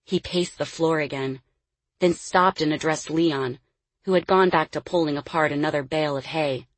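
A woman reading an audiobook in measured storytelling narration, quietly delivering each dialogue tag. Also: low voice, dry recording. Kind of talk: scripted narration.

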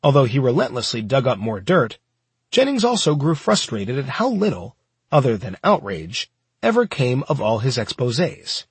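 A man reading a nonfiction book aloud in a steady, measured storytelling manner. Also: medium pitch, husky, no room sound. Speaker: audiobook narrator. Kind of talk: scripted nonfiction audiobook narration.

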